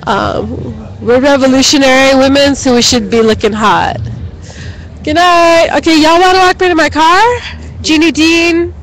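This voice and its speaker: A woman's voice: high-pitched, steady tone, normal speed, rough recording. A woman hosting a casual phone livestream outdoors at night, chatty and swearing casually. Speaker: livestream host. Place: outdoors at night on a city street. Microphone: phone held in hand. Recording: phone recording with faint street noise.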